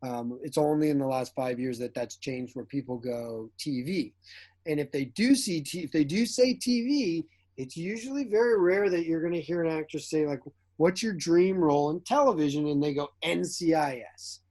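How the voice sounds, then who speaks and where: Male actor guest, animated storyteller, fairly high voice. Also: normal speed. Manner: animated storyteller who acts out quotes, laughs often. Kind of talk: casual interview chat.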